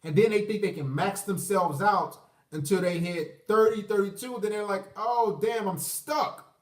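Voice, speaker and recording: A man in his thirties hosting a livestream, ranting with profanity, rambling and mocking voices, giving shout-outs to viewers. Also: high voice, normal speed, distant mic. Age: 30s. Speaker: livestream host. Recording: roomy echo, away from the mic.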